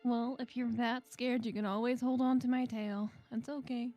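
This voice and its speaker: High-voiced giggly woman player. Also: steady tone, normal speed, warm tone, faint music behind. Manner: giggly, hesitant. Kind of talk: playing a tabletop game online.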